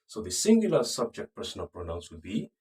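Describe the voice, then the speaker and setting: A man teaching a recorded beginner French lesson, patiently repeating phrases slowly and checking in with the viewer. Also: deep voice, huge pitch swings, darkish tone, far from the mic.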